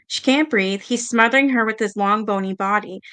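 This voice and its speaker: A woman reading a book aloud to her viewers, with casual reactions in between. Her voice is bright and forward at a middling pitch. She stumbles, breaks off and swears as she goes. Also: normal speed, clear, resonant tone.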